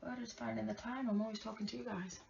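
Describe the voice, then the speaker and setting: A woman chatting casually to viewers during a makeup tutorial, often dropping to soft murmurs. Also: on the high side, fairly even intonation, fast talker, vocal fry. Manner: chatty, talks to viewers while applying makeup, drops to murmurs. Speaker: makeup vlogger. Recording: distant lo-fi home recording with faint hiss.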